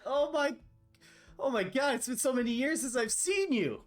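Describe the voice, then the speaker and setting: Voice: medium pitch, very animated, moderate pace, a bit bright. A game master voicing a crude, mocking masked male rogue who curses and teases, with background music. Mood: excited. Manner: cursing, teasing.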